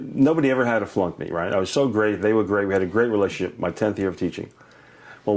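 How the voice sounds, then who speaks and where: Older male educator guest, low voice, lively anecdotes with laughter. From Brooklyn, New York. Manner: animated, laughs often, acts out voices in stories. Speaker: educator and author, interview guest. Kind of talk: warm anecdotal storytelling.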